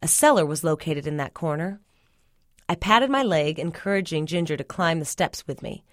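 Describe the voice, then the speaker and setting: A woman reading a first-person story aloud in a measured, suspenseful way. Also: sits low, lively intonation, no echo, studio quality. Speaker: story reader.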